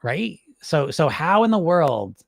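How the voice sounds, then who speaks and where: An emphatic man with a fairly high voice, talking straight to his viewers in a loose, chatty way. He punctuates points with quick questions. The sound is dry and close. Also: sing-song, creaky, no room sound. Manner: conversational, emphatic, frequent "right?" and "folks". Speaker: hypnotist and weight-loss coach. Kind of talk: casual direct-to-camera talk.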